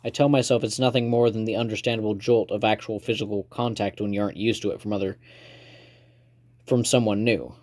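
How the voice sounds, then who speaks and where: A man reading a first-person novel aloud in a calm, measured storytelling manner. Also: lowish voice. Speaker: reader.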